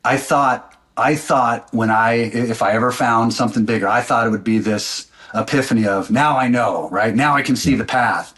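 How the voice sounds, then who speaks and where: A man's voice: mid-range voice, normal speed, hardly any pauses, fairly bright tone. Intense, blunt-talking man guest. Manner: intense, blunt, swears freely. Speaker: podcast guest. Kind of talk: candid personal storytelling.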